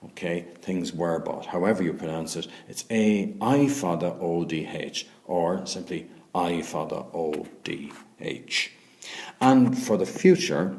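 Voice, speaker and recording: A man's voice: sits low, a little mellow. A man with an Irish accent teaching a recorded grammar lesson. He is patient, spells words out letter by letter and often checks in with "okay?". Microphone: voice-over on a screen recording.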